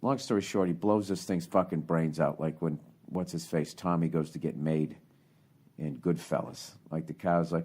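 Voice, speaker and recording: A man hosting a podcast, telling a profane, rambling comic story that swears constantly and climbs higher when he gets worked up. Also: steady tone, normal speed, darkish tone, slightly rough. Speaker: podcast host.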